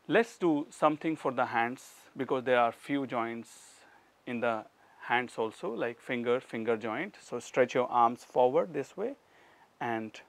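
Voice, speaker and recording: A middle-aged man with an Indian accent and a mid-range voice leads a yoga class. He calmly cues each breath and movement step by step as he guides the session.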